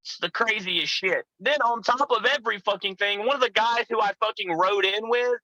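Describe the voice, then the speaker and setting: A young adult man appearing as a wrestler guest tells profane, rambling stories, swearing constantly, drifting into tangents and acting out the voices of the people involved. His voice is high, pushed and bright, at normal speed. The audio is poor, with no room sound.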